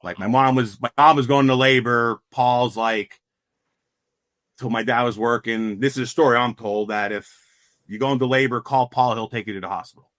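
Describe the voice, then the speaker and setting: Speaking at a normal speed in a medium-pitched, fairly bright voice with fairly even intonation, this middle-aged guest, a former player from Pennsylvania coal country, tells stories casually, full of fillers and restarts. The studio-quality recording has no room sound.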